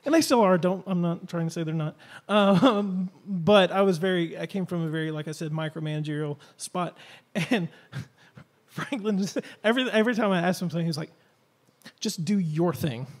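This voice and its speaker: A man's voice: high voice, brisk. A man, a teacher co-hosting a podcast, telling easygoing, reflective anecdotes in casual chat, recorded live in a coffee shop. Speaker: history teacher and podcast co-host.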